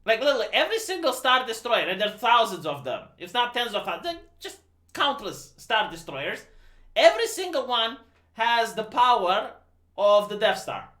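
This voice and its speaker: A man from Romania rants about a movie on his livestream, incredulous and swearing freely. His bright voice swings widely in pitch. He sounds like he is in an echoing room. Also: moderate pace. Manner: incredulous, profane, animated. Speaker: livestream host. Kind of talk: casual movie rant. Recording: roomy echo.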